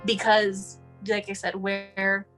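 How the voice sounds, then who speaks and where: Woman, texas-raised mother, rambling chat, plenty of fillers, middle pitch, soft guitar music behind. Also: completely flat delivery, takes it slowly. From El Paso, Texas. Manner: rambling, chatty, many fillers. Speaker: guest, mother of a sick child. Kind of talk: casual interview.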